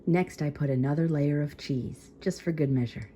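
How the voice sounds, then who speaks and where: A woman's voice: deep voice, normal speed, warm tone, reverberant, distant mic, slight background noise. A woman hosting a casual cooking vlog in her home kitchen, chatting and explaining as she works.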